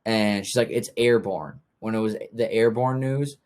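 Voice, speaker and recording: A man's voice: lowish voice, steady tone, normal speed, darkish tone, clean tone. A young man hosting a podcast, telling casual stories and acting out what others said. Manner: easygoing storytelling with acted-out quotes. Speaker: podcast host. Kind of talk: casual chat.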